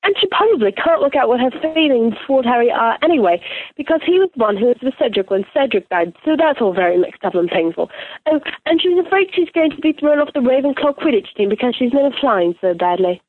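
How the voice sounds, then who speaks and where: A woman's voice: a little high, expressive, fast, lightly acted. A woman voicing an analytical teenage schoolgirl witch, explaining feelings in a fretful rush. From Missouri, USA. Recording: tinny phone-like, dry.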